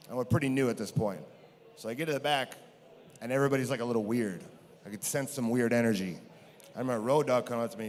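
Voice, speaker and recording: A man telling a story from his career in a rambling, self-mocking way, with many restarts. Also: mid-range voice. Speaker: guest. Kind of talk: storytelling on a podcast. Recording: long hall reverb.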